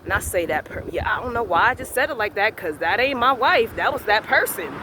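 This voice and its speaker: A man giving a slow, earnest spiritual affirmation monologue, repeating his phrases as a motivational vlogger. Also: high-pitched, animated, background noise.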